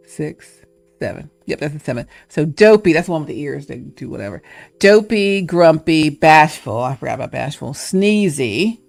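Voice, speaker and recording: A woman with a creaky voice on the low side hosts a casual livestream. She muses playfully, shifts into encouragement, and now and then acts out little character voices.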